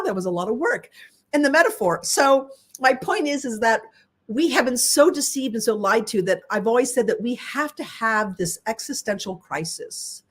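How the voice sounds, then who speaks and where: A woman with a fairly high voice hosts a casual talk. She tells stories animatedly, and her pitch leaps up sharply whenever she acts out what she thought or said. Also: normal speed. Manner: animated storytelling, voice leaping high for quoted reactions. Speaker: host. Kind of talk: casual conversation.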